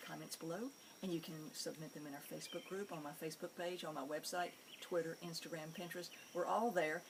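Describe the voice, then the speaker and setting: A woman hosting a pet psychic show, telling anecdotes in an animated, amused storytelling manner. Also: deep voice, vocal fry, very noisy. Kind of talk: storytelling monologue.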